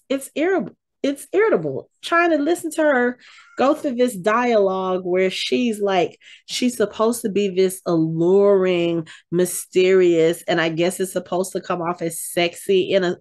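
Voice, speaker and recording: A woman co-hosting a fan podcast, telling the story of a TV episode in loose, conversational chat. Her voice sits at an ordinary middle pitch, and she gets animated and exasperated as she recounts scenes, restarting sentences as she goes. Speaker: podcast co-host. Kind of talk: casual TV recap chat.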